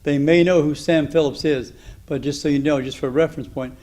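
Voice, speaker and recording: A man's voice: on the high side, fairly even intonation, brisk, a little mellow. A man hosting an interview who briefly jumps in to add background, apologizing for the interruption. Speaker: interview host. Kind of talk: casual interview.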